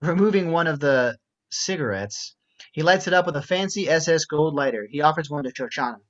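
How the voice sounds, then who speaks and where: A man reads the stage directions aloud, slipping in dry, wry commentary as he goes. His voice sits a little higher than most men's, and the recording sounds dull and lo-fi. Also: expressive, fairly quick, fairly bright tone. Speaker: narrator.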